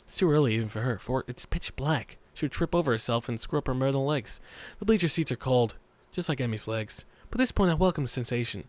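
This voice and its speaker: A man's voice: medium pitch, expressive, quick pace, a little mellow, no room sound. A man hosting a let's play, reading a visual novel aloud with crude, rambling joking asides.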